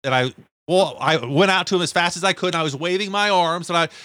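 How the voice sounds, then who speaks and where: Man, animated storyteller, self-deprecating, bright tone, dry room. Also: high voice, fast, no room sound. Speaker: podcast co-host. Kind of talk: casual storytelling.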